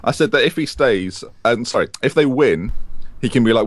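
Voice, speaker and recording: A man's voice: medium pitch, brisk, no room sound. A man co-hosting a podcast, chatting casually and jokily about football. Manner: animated, jokey, rambling. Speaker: podcast co-host.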